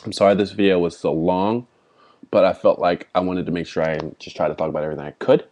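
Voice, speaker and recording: A man's voice: low-pitched, steady tone, quick pace, darkish tone. A young man vlogging a rambling, heartfelt apology, swearing freely as he talks. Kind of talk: personal apology vlog.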